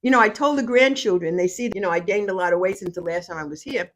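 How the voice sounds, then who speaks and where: A woman's voice: medium pitch, quick pace. An older woman, a grandmother, chatting at home and telling boastful, funny stories with lots of laughter. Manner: lively, boastful storyteller who laughs often. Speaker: podcast guest grandmother. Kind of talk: casual chat.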